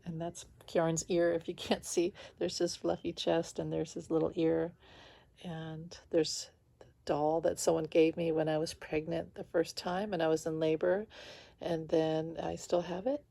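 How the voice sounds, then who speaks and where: A woman with a low, mellow voice tells a story to her followers in a loose, rambling vlog. She leans hard on fillers and breaks into short laughs between her thoughts. She talks lying down at home. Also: level tone, unhurried, vocal fry. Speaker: spiritual vlogger. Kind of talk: casual confessional vlog.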